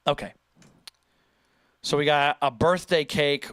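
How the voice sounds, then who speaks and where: A man hosting a casual livestream, chatting in an animated way, joking and reading viewer comments aloud. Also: medium pitch, normal speed, no echo, clean studio sound. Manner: chatty, animated, reads chat aloud and jokes. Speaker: livestream host reacting to viewer posts.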